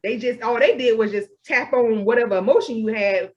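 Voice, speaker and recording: A young woman, co-hosting a podcast in casual chat, animated and acting out her own inner voice. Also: on the high side, brisk, lo-fi sound. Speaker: podcast co-host.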